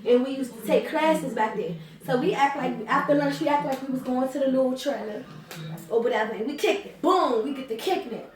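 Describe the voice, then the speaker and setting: A young woman with a Washington DC area accent, telling a storytime vlog in an animated, profane, slangy way and acting out the quotes. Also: high-pitched, brisk. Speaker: vlogger telling a story with her twin. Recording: echoey room, distant mic, crowd noise behind.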